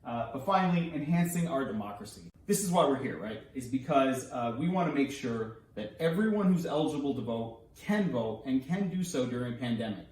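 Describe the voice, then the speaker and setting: A man's voice: medium pitch, expressive, brisk, few pauses, darkish tone, slight background noise. A man running for office, giving a scripted policy explainer with a playful, wry and emphatic delivery. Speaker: congressional candidate. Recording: echoey room.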